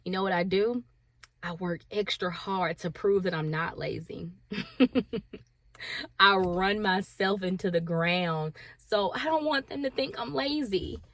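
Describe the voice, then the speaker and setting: A bright-toned woman in her thirties, a stay-at-home mom, speaks slowly in a mid-range voice. She confides candidly and emotionally to the camera, laughing at herself and acting out her inner voices.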